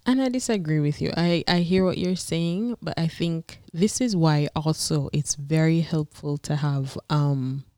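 A woman co-hosting a relaxed podcast with her partner. Her tone is mellow and earnest as she explains her view at length. The sound is dry and close. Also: sits low, measured pace, hardly any pauses, no echo. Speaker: podcast co-host. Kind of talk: casual couple's podcast chat.

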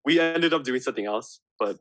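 Young dude on a podcast, kinda hesitant, lots of likes, dead dry mic. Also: male voice, mid-range voice, animated, a little fast, a bit bright, dry recording. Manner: rambling, hesitant, lots of fillers. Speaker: podcast co-host. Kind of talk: casual chat.

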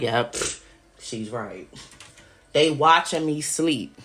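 A woman's voice: sits low, lively intonation, measured pace, fairly bright tone. A woman hosting a podcast, talking in an agitated, profane monologue straight to her listeners. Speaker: podcast host. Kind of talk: casual monologue.

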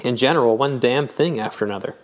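A man reading the part of a wry, thoughtful older man who lectures gently. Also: medium pitch, fast talker, natural voice.

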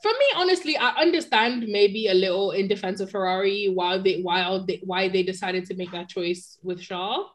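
A woman talking casually on a podcast, chatty and animated, laughing easily as she discusses. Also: mid-range voice, moderate pace, few pauses. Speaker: podcast co-host. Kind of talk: casual chat about motor racing.

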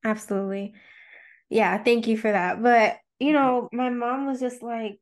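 Woman podcast co-host, higher pitch, expressive personal storyteller. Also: unhurried. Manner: expressive storyteller, warm and open. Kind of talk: casual podcast chat.

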